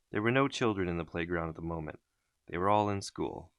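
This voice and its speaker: A man reading a children's story aloud in an expressive, unhurried way. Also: low voice, clean tone, dry recording, studio quality. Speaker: storybook reader.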